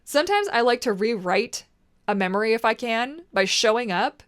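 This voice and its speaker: A woman in her thirties talking casually to camera as a vlogger, animated and emphatic, swearing freely and arguing back at herself. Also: on the high side, moderate pace, a little hiss or hum. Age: 30s.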